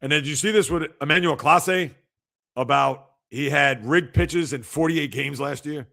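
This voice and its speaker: A man hosting a live sports podcast, reacting to news and reading out viewer comments in an animated, chatty way. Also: fairly high pitch, normal speed, creaky. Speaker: podcast host.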